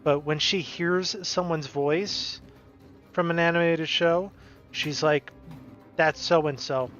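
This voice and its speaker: A man chats casually on a live stream, winding through a story with restarts and asides. His voice sits a touch high for a man. The audio is dull and lo-fi, with music playing softly behind him. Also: fairly even intonation, slow. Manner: rambling, self-interrupting storyteller. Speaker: stream co-host. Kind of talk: casual chat.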